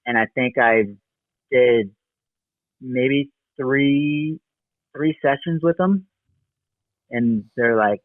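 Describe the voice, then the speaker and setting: An easygoing man in his thirties recalls his years of racing and coaching in a relaxed, wandering way. His voice comes through thin and boxy, like a phone line, with no room sound at all. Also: medium pitch, drawn-out words, long pauses, no room sound. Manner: relaxed, rambling recollection with fillers. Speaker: guest, motocross racer and coach. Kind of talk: casual interview storytelling. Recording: dry, tinny phone-like line.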